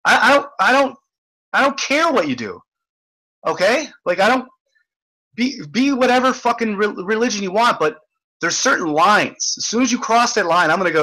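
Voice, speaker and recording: A man's voice: high-pitched, animated, normal speed, sharp tone, low-quality recording. A man hosting an online hangout, ranting in casual chat, swearing and restarting often. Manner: profane, ranting, stammering restarts. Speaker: host.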